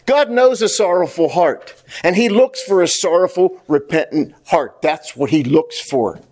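A man's voice: high voice, animated, measured pace, darkish tone. A pastor preaching a sermon to his congregation, speaking earnestly and directly to the church and repeating key phrases for emphasis.

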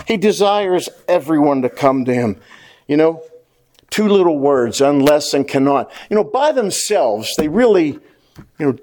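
Lively, high-pitched preaching man. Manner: animated preaching, stressing repeated words. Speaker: pastor. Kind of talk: sermon.

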